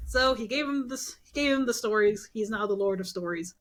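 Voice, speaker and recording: A woman's voice: medium pitch, brisk. A young woman co-hosting a podcast, casually retelling myths and acting out the characters' lines. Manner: animated, acts out characters' lines with swearing and laughs. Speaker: podcast co-host. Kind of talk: casual storytelling chat.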